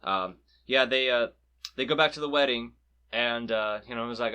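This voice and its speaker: A man's voice: medium pitch, steady tone, normal speed, sharp tone, smooth. A man co-hosting a movie podcast, speaking in a laid-back, hesitant way with many fillers. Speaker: podcast co-host. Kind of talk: casual movie chat.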